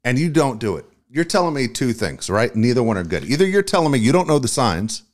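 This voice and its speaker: A man's voice: mid-range voice, quick pace. A middle-aged man, a podcast co-host and baseball coach, telling stories in a profane, ranting way during casual chat. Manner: profane, ranting, animated storytelling.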